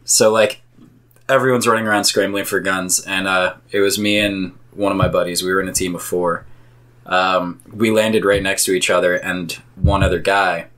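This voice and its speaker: A man's voice: low voice, fairly even intonation, moderate pace, a bit bright. A man co-hosting a casual podcast chat, telling rambling stories full of "like". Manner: rambling storyteller, lots of "like". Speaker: podcast co-host.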